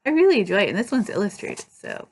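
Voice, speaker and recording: A woman's voice: mid-range voice, huge pitch swings, fast talker, creaky, darkish tone. A young woman vlogging at home, chatting casually and rambling with lots of fillers and restarts. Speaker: book vlogger. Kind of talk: casual chat. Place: at home by her bookshelves.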